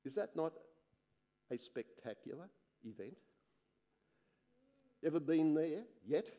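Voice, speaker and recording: A man preaching a sermon in a warm, mellow voice pitched a little high for a man. He reads scripture at an unhurried pace and lets his phrases sink soft and low. Between readings he adds musing, excited asides. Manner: slow, earnest reading that drops soft and low at phrase ends.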